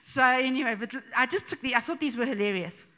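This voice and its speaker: A middle-aged woman delivers a conversational sermon, mixing jokes and asides into her message. Her voice is pitched a little high and has a bright, forceful edge. She sounds animated and chatty, as if talking with friends from the pulpit. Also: fast talker. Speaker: speaker addressing a church gathering.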